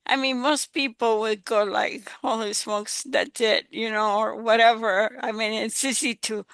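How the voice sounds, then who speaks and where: A woman's voice: fairly high pitch, fairly even intonation, moderate pace, a bit bright, no echo. A woman who is a business coach, hosting a webinar and asking long, rambling questions full of fillers. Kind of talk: hosting an interview.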